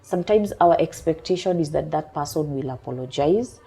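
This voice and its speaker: A woman coach on a talk show, calmly explaining her point through everyday examples. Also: low-pitched, breathy edge. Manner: calm, measured explaining with examples. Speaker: emotional intelligence coach.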